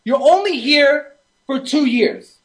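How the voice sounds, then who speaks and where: A man from Brooklyn argues basketball on a casual radio show, blunt and dismissive, with easy street slang. His voice sits very high for a man. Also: expressive, slow. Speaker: co-host. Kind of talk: casual sports debate.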